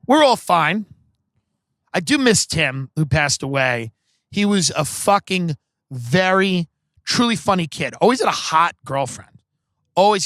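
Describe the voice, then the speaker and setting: A man's voice: on the high side, fairly bright tone, dry recording, studio quality. A man hosting a podcast, telling comic stories in a casual, profane, rambling way full of "like". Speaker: podcast host. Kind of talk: comedic storytelling.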